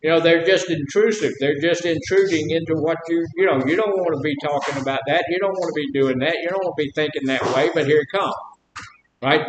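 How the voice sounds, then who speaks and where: A man from Mississippi with a Southern accent, teaching a group class in a folksy, drawling way and quizzing his students. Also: brisk. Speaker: class instructor. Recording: roomy echo, faint rumble.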